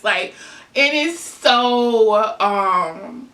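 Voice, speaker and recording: Southern lady vlogging, bright voice, kinda far off in an echoey room. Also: fairly high pitch, drawn-out words. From Southern US (Arkansas/Tennessee). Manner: chatty, answers her own questions with fillers and asides. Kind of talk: casual get-to-know-me chat. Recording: echoey room, mic at a distance.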